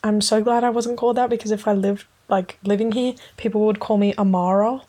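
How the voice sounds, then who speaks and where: A woman chatting alone in a loose, late-night ramble, piling up fillers and casual swearing. She breaks into giggles easily and drops her voice to a hush now and then. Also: medium pitch, fairly even intonation, brisk. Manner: drops to a hushed voice at times. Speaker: podcast host.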